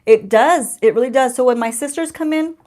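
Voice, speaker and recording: A woman's voice: high-pitched, a little fast, warm tone. A woman, hosting a casual beauty livestream from home in a chatty, sarcastic, laughing way. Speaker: beauty channel host.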